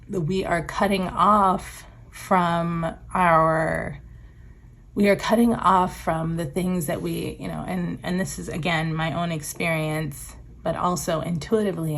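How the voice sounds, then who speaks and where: A woman with a slightly low voice talks through a tarot reading in a relaxed, musing way. She reads card meanings aloud and drifts into chatty asides with easy laughter. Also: vocal fry. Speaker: tarot reader. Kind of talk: casual spoken tarot reading.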